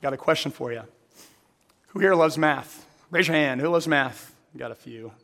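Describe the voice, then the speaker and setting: Earnest preacher in a reverberant hall. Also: male voice, fairly high pitch, moderate pace, vocal fry, sharp tone. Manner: earnest, questions the audience directly. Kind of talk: sermon with storytelling.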